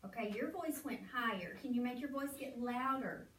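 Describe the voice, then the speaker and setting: A woman's voice: a little high, moderate pace. A woman teacher running a reading lesson in a classroom, patiently prompting students to finish her sentences. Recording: echoey classroom, far from mic, faint noise.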